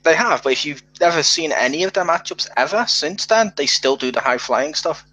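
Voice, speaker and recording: A man co-hosts a casual wrestling podcast and gives blunt, opinionated takes with a joke now and then. His pitch moves up and down a lot as he talks. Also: expressive, a little fast, sharp tone, muffled recording. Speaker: podcast co-host.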